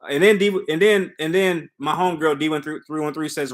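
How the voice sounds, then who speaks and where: A man's voice: fairly high pitch, moderate pace, hardly any pauses, fairly bright tone. A man hosting a casual reality-show commentary, talking emphatically and repeating himself as he reads and answers viewer comments. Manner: emphatic, repetitive, talks to viewers. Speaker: show recap host.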